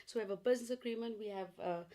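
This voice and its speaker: A woman's voice: a little high, racing, mellow. A woman, a photographer and radio host, talking earnestly as an interview guest and repeating words as she goes. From South Africa. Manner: earnest, talks in long run-on stretches with repeated words. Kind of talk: casual conversation.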